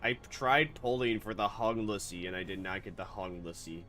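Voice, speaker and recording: Animated and sarcastic, this male VTuber reads a game's narration aloud during his let's-play, cracking jokes and laughing often. He talks at normal speed in a fairly low voice over faint background music.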